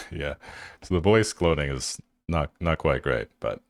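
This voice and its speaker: A man's voice: rumbling low, lively intonation, a little slow, no room sound. A man hosting a tech channel, giving loose, casual commentary over his screen and thinking aloud with fillers.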